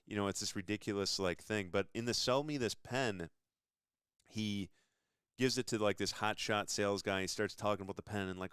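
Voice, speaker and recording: A man's voice: lowish voice, fairly even intonation, a little fast, a bit bright, clear, resonant tone, no room sound, studio quality. A young man hosting a casual interview chat, talking enthusiastically and rambling between points. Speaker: show host.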